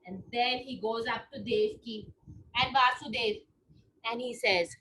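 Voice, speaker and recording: A woman telling a story to children and leading them through yoga poses in an animated way. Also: on the high side, measured pace, distant mic, rough recording.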